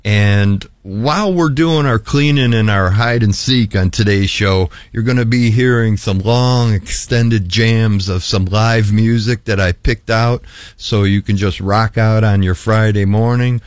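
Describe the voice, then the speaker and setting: A man's voice: lowish voice, measured pace, dry recording. Upbeat man hosting a radio show. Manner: upbeat, encouraging, repeats words. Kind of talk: casual radio chat with children.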